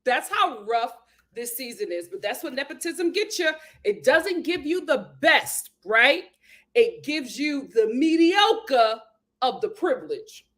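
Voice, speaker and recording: A woman hosting a casual live stream, greeting viewers by name and reading their comments aloud with sassy, lively chatter. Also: high-pitched, unhurried. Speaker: host of a live show. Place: home in Los Angeles.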